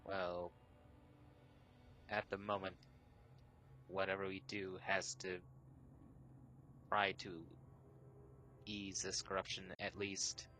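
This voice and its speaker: A man's voice: deep voice, monotone, slow pace, pauses often, bright, forceful tone, low-quality recording. A man in a tabletop role-play game, speaking in character in a terse, matter-of-fact way. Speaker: tabletop player.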